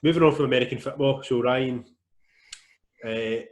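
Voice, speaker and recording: A man's voice: mid-range voice, normal speed. A Scottish man hosting a podcast in casual chat, teasing his friends and steering the conversation along. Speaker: podcast host.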